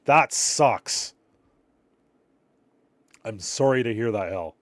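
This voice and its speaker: A man's voice: on the low side, lively intonation, slow, dry recording. A man from Canada, rambling through a casual live stream, reacting to viewer chat and a little tired.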